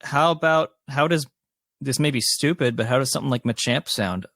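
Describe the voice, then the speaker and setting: A man's voice: medium pitch, fairly quick, a bit bright, dry recording, clean studio sound. A man joining a casual podcast as a guest, joking and poking fun at himself while guessing answers. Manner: jokey, self-mocking.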